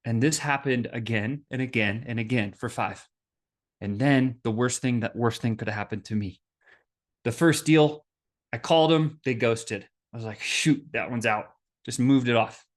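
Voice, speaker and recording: Animated man telling a sales story. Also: medium pitch, normal speed. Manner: animated, acts out quoted voices. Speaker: podcast host. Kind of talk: storytelling business talk.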